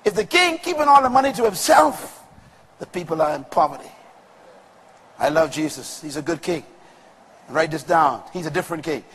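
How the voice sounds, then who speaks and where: A man preaching a sermon to a congregation with call-and-response and rhythmic, shouted peaks. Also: a little high, lively intonation, normal speed, pauses often, a little hiss or hum. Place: large room with congregation. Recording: long reverb of a large hall.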